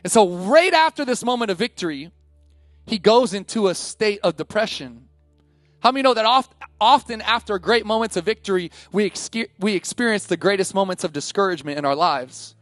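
A male pastor giving an energetic sermon to his congregation, his voice climbing until he is nearly yelling. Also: sits high, brisk, dry recording, soft background music. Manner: energetic preaching that rises to near-yelling. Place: church sanctuary with congregation.

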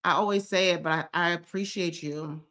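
A woman's voice: on the low side, steady tone, a little fast, fairly bright tone. A woman, a little stuffy from a cold, chatting effusively as she hosts a fitness check-in livestream and answers viewers' comments. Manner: chatty, effusive, says y'all often. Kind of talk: casual livestream chat reading comments.

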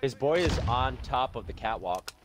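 A man's voice: mid-range voice, lively intonation, normal speed. A young man talking during a game, blunt and profane, calling out enemy positions. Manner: blunt, profane, dry callouts. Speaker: gamer. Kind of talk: casual gaming chat. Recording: noisy mic with keyboard clicks.

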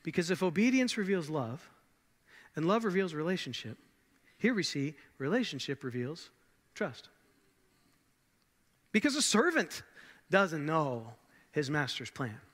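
Guy preaching in a big church hall, high bright voice, slows way down and gets quiet on the big words. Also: sing-song. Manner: dramatic pauses, drops to soft lows on key words; conversational asides. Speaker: pastor. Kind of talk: sermon.

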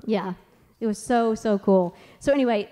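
A woman in her forties, speaking at a conference and telling family stories in a chatty, animated way, full of quick asides. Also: medium pitch. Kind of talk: storytelling talk.

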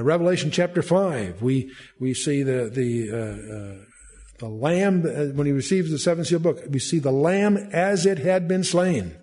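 A man's voice: mid-range voice, darkish tone. A man teaching a verse-by-verse Bible study, reading scripture aloud and then explaining it in a conversational way with frequent restarts.

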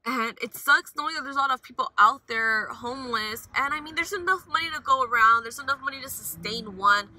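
A woman's voice: sits high, a little fast, hardly any pauses, bright, forceful tone, low-quality recording. A young woman vlogging casually from her car, talking emotionally and rambling, swinging between upbeat and frustrated. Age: young adult. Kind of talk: casual vlog while driving.

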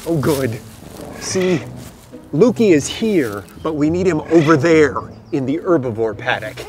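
A grown woman plays a park ranger in a children's adventure skit. Her voice sits low and she talks at an unhurried pace. She delivers her lines with playful, exaggerated reactions and comic squeamishness. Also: animated, a little mellow. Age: adult. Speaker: park ranger character in a kids' show.

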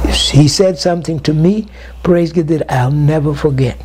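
A man's voice: fairly high pitch, steady tone, moderate pace, a little mellow, slight background noise. Older man, praise-filled storytelling bishop. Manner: constant refrains of "praise God, my God". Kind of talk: storytelling interview.

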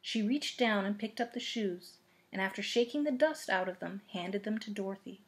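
A woman librarian reading a children's book aloud in a gentle, expressive storytelling manner. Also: mid-range voice, moderate pace.

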